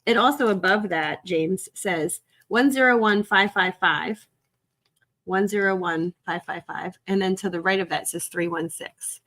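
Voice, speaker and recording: A woman's voice: medium pitch, a little slow, fairly bright tone. A woman hosting a casual live stream while she works through resale stock, chatting and giggling with her viewers. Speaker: resale livestream host.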